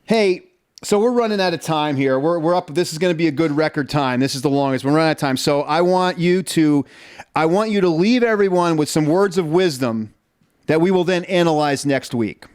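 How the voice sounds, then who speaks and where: A man co-hosting a casual podcast, telling stories in an animated, jokey way and acting out what people said. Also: fairly high pitch, brisk, clear, resonant tone. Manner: animated storyteller, jokey, acts out quotes. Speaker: podcast co-host. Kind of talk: casual chat.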